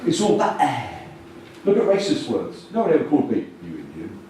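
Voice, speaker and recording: A man giving a lively, jokey, blunt conference talk on communication, bursting out loudly now and then. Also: fairly high pitch, fairly quick. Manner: animated, jokey and blunt, with sudden loud bursts. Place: large conference hall. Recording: distant echoey hall recording with faint noise.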